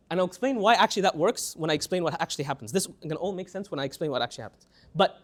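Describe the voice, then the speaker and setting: A young tajweed teacher whose voice sits high lectures with liveliness, repeating words often. He breaks away regularly to chant example phrases slowly.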